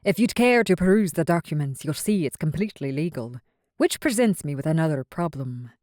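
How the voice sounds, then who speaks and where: A scheming, commanding male pirate king, voiced by a female audiobook narrator. He delivers his announcements in a quick, formal, self-assured way. The sound is dry and close. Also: sits low, expressive, darkish tone, no echo. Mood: smug.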